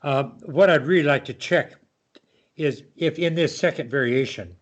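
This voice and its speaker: A man's voice: fairly high pitch, normal speed. An older man giving a patient online piano lesson, explaining rhythm and counting aloud. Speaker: piano teacher.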